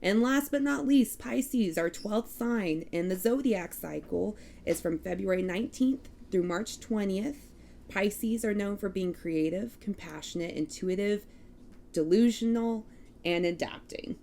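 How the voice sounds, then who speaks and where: A woman with a Texan accent, co-hosting a casual chat and reading through lists of traits in a steady cadence. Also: mid-range voice, unhurried. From Texas. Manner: reads list of traits in a steady cadence, laughs at herself. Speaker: podcast co-host.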